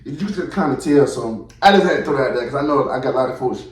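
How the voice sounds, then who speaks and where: A man's voice: medium pitch, fast, distant mic, a little hiss or hum. A man hosting a casual podcast, blunt and slangy, talking straight to his listeners. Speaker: podcast host. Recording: roomy, from off mic.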